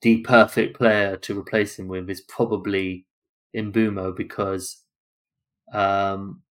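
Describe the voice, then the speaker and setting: A man with a fairly low voice co-hosting a relaxed football podcast. He talks in quick, chatty runs, stacking up one possibility after another as he thinks out loud. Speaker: podcast co-host. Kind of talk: casual football chat.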